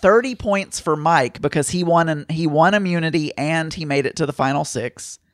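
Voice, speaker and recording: A man's voice: on the high side, normal speed, no echo, clean studio sound. A man co-hosting a casual podcast, chatting and explaining game points step by step. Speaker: podcast co-host. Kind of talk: casual chat about a reality show fantasy game.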